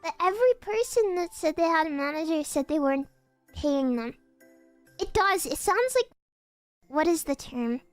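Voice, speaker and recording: A woman's voice: high voice, animated, moderate pace, no echo, soft background music. A woman in her twenties, a streamer chatting casually in a blunt, teasing way. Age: 20s. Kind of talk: casual chat.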